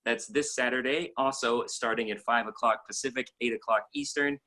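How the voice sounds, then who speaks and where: An upbeat male host with a bright, forceful voice at an ordinary pitch for a man. He talks eagerly, stacking up "like" as he promotes upcoming classes. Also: fairly even intonation, normal speed. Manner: eager and upbeat, with many likes. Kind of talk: enthusiastic interview hosting.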